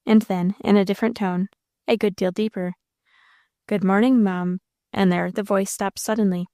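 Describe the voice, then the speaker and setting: A woman narrates a classic story in a gentle, measured way, at a middling pitch. Her voice sounds dry and close, with no room sound around it. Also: steady tone, dry recording. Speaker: audiobook narrator.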